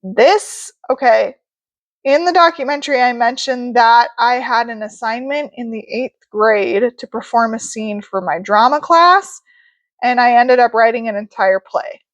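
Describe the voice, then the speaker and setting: A woman's voice: a little high, unhurried, dry recording, lo-fi sound. A young adult woman chatting in a casual vlog, self-mocking and giggly as she reads old writing. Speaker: youtuber.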